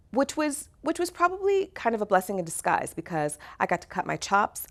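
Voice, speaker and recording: Middle-aged actress telling stories, kinda low voice, animated, laughs a lot. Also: female voice. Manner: animated, acts out voices in her anecdotes, laughs often. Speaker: actor and singer. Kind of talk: conversational interview storytelling.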